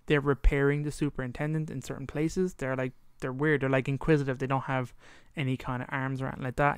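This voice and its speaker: A podcast co-host with a smooth, medium-pitched voice chats casually, eagerly retelling a story and performing the dialogue, now and then trailing off as he tries to remember details. The recording is dry and of studio quality.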